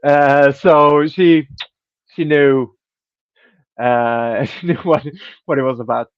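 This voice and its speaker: A man's voice: medium pitch, steady tone, slow, clean tone, dry recording. A man telling a rambling story in casual podcast chat as host, restarting sentences and swearing offhandedly. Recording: dry, dull lo-fi sound.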